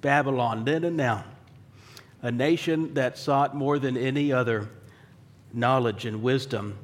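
Male pastor, mid-pitched, conversational sermon delivery, wry asides, rhetorical questions. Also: a little slow. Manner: conversational preaching, asks the room rhetorical questions; dry wry humor.

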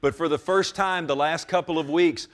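A male pastor preaching a sermon with passion, moving from hushed, low passages to loud, high exclamations. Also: steady tone, normal speed.

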